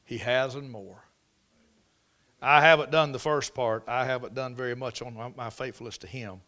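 A man preaching a sermon, telling the story dramatically and swinging from loud exclamations to near whispers. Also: mid-range voice, fairly even intonation, moderate pace.

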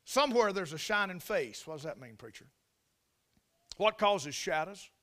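A man preaching a sermon, telling folksy stories and rising to shouts. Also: sits high, expressive, moderate pace.

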